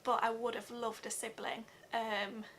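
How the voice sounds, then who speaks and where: A young woman records a heartfelt vlog update. Her voice is bright and lifted a little above the usual range for a woman. She speaks earnestly, pausing often and filling the gaps with soft ums. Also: fairly high pitch, level tone, slight background noise. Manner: earnest, halting, many fillers. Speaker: vlogger.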